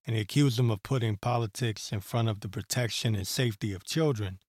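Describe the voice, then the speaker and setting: Brisk and low-voiced with a darkish tone, a man hosts a solo podcast offering political commentary. He rambles in a heated way, cursing and using many fillers.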